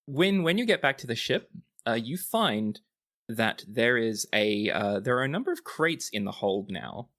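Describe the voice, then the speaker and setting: A man's voice: medium pitch, sing-song, normal speed, fairly bright tone. A man running a tabletop game as game master, narrating in a rambling, casual way with frequent laughs and swearing.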